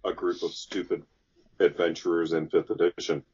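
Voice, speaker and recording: A man's voice: deep voice, flat delivery, fairly quick, a little mellow, breathy edge, lo-fi sound. A man joining casual podcast banter with crude, teasing quips.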